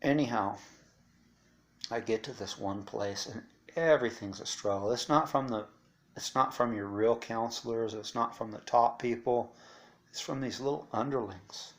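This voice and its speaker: Blunt, profane man with a gravelly voice. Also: mid-range voice, normal speed. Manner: blunt and profane, rambling with asides. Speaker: interviewee recounting life after incarceration. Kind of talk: casual storytelling monologue.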